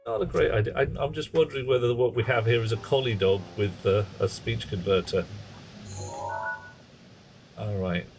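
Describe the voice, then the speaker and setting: A man's voice: medium pitch, moderate pace, vocal fry, pauses often, darkish tone. A man streaming a game live, rambling through wry, chatty asides to his viewers. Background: game music.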